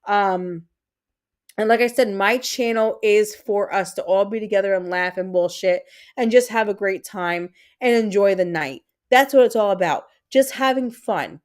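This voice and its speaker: Puerto rican woman in her 30s streaming, just chatting w chat, lots of um and repeats, mid pitch. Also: moderate pace. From Puerto Rico. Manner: chatty, reads out chat comments, frequent fillers and repeats. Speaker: livestream host. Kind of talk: casual chat with viewers.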